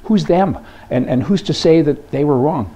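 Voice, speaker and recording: A man's voice: a little high, moderate pace, mellow. A man hosting an opinion commentary monologue, joking and rambling with lots of rhetorical questions. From Canada. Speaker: host.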